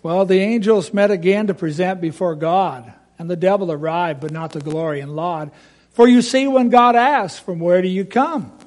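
A man's voice: high-pitched, moderate pace, darkish tone. A man reciting a rhymed Bible story expressively, asking listeners direct questions.

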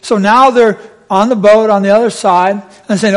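A man preaching a sermon, telling the story with lively, acted-out voices. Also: high voice, moderate pace.

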